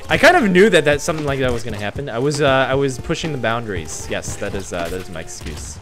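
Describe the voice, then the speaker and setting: Excitable male gamer host, wildly swooping voice, music bed under him. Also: mid-range voice, fast. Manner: excitable, swings from mutters to yelps and laughs. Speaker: gaming channel host. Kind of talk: let's play commentary. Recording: game music behind. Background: game music.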